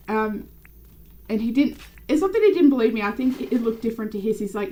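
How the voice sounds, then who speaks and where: A young adult woman streaming a game, chatting casually with viewers by name and rambling through animated stories. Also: a little high, quick pace, low-quality recording. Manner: animated, rambling storytelling with many fillers. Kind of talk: casual live-stream chat.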